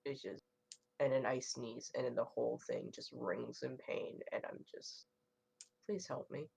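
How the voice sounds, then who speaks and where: A woman's voice: rumbling low, steady tone, unhurried, vocal fry, darkish tone, husky, no echo. A woman with a stuffy, blocked nose who is sick, swearing and complaining in casual chat before a tabletop game. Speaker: player. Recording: dull lo-fi mic.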